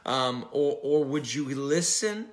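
A man's voice: fairly high pitch, lively intonation, takes it slowly. A male pastor preaching a sermon in a conversational style, with restarts and self-corrections, acting out the dialogue from the story.

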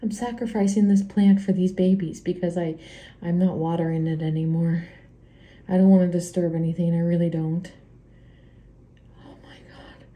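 A woman vlogging from her garden, excitable and out of breath, talking in a rush full of "like" and sometimes dropping to hushed whispers. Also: fairly low pitch, brisk, poor audio. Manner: excitable and emotional, lots of "like"; drops to hushed whispers near the nest. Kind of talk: casual vlog to camera. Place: outdoors in a home garden and deck.

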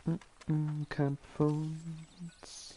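A man's voice: fairly high pitch, monotone, drawn-out words, mellow, soft background music. A man streaming a game at home, talking in a dry, self-deprecating, offhand way. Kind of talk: casual live-stream commentary.

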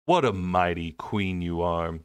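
A cruel king taunts his captives in a low, unhurried voice, as a male reader voices him. Every word is drawn out with mockery, and the recording is dry and close. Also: clear, resonant tone, dry recording. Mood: mocking. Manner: slow, low, mocking.

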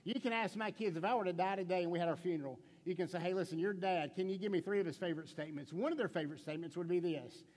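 High-voiced preaching man, big hall echo. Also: very fast, few pauses, a little mellow. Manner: conversational preaching, stammering restarts, rhetorical questions; playful storytelling with acted quotes. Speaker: pastor. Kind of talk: sermon. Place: church sanctuary.

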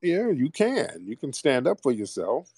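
A man's voice: medium pitch, huge pitch swings, unhurried, a little mellow. A man hosting a call-in radio show, questioning a caller in a teasing, mocking way.

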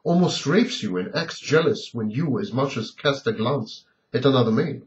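Man firing off rhetorical questions, lively pitch. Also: moderate pace. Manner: asks a long string of pointed rhetorical questions. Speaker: lecturer on abusive relationships. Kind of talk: scripted lecture monologue. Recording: dull lo-fi recording.

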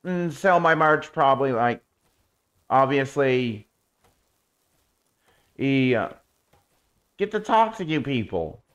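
Male streamer, casual game commentary, very lively pitch, coos at his pet. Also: takes it slowly, pauses often, smooth. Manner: chatty, talks to viewers and coos baby talk at his pet creature.

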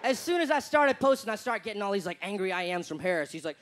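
A young man doing stand-up, telling a story in an animated, profane, mocking way. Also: sits high, fast, few pauses. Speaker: stand-up comedian. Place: comedy stage before a live audience. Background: audience laughter.

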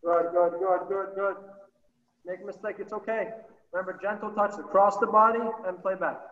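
A man coaching youth soccer over a video call, energetic and encouraging, calling out short repeated cues. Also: sits high, moderate pace. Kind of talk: virtual training session coaching. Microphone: computer mic on a video call. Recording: roomy, distant, dull sound.

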